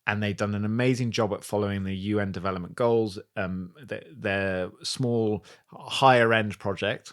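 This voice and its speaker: A man guesting on a podcast, telling stories with enthusiasm in a casual conversational way, often restarting his sentences. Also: on the low side.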